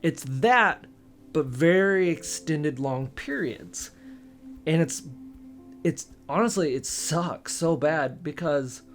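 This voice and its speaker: A young man candidly recounting a personal story to camera, rambling and emotional, often restarting his sentences. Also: a little high. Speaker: vlogger.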